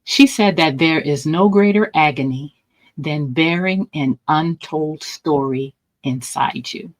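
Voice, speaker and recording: A woman hosting a grief-support podcast, opening in a measured, gentle way. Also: low-pitched, low-quality recording. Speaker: podcast host.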